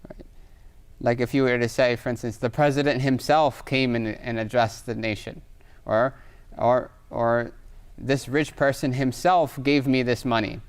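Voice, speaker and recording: A man teaches Arabic grammar in a recorded online lesson, his medium-pitched voice clean-toned, unhurried, and fairly even in intonation. He patiently explains, reads Arabic examples aloud, and keeps asking "right?".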